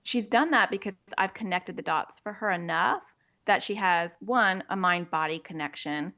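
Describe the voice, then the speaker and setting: A woman's voice: on the low side, normal speed, bright, forceful tone, highs cut off. A woman who works as a child therapist, speaking as a podcast interview guest. She explains practical ideas and often acts out what a parent or child might say.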